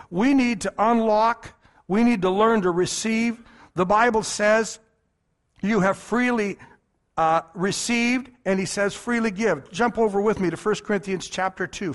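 A male pastor preaching a sermon with emphatic delivery, acting out the voices of people in his stories. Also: sits high.

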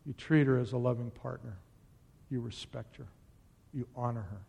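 A middle-aged man preaching as a pastor, swinging between loud exhortation and quiet, intimate asides. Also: mid-range voice, fairly even intonation, moderate pace, gravelly, slightly rough. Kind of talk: sermon.

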